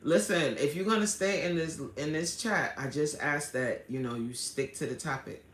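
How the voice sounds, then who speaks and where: A woman hosting a casual livestream, chatting with viewers and reading out their comments in animated, slangy talk, laughing often. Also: sits low, normal speed. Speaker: livestream host. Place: indoor room at home. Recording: roomy echo.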